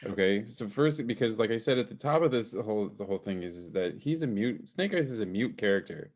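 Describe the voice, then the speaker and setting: A man's voice: lowish voice, expressive, brisk, a little mellow. A man co-hosting a casual film podcast over a video call, talking enthusiastically with many fillers. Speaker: podcast co-host, film reviewer.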